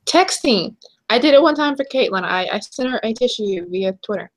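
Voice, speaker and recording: Young woman co-host, higher-pitched, chatty and easygoing. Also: expressive, normal speed. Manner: chatty, laughs easily, trails off and restarts. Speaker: podcast co-host. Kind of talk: casual chat.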